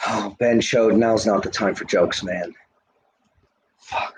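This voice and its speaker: A man's voice: on the low side, steady tone, slow pace, echoey room, a little hiss or hum. A man livestreaming, ranting at his chat in a heated, profane, lecturing way while smoking a cigarette. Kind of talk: live stream rant to chat.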